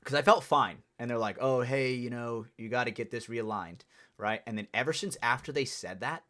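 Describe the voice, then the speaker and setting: A man's voice: mid-range voice, moderate pace, fairly bright tone. A man chatting casually on a podcast, rambling with lots of "dude" and "you know". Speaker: podcast co-host.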